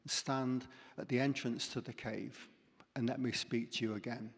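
A male preacher voicing God with a low, hushed, calm and questioning voice. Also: moderate pace, vocal fry, husky. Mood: solemn. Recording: long reverb in a church hall.

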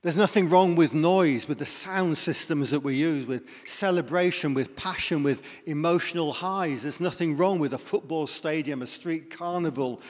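A man's voice: fairly high pitch, moderate pace, few pauses. A male preacher giving a sermon with dramatic storytelling that sinks to near whispers. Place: church. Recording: long reverb in a church hall.

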